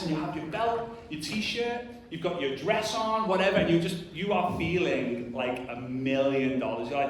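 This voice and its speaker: With a slightly high voice, normal pace, and few pauses, a conference speaker in his thirties addresses an audience in a large hall. His motivational talk is earnest and emphatic, peppered with "like" and little acted-out voices. The recording sounds echoey, captured by a distant mic.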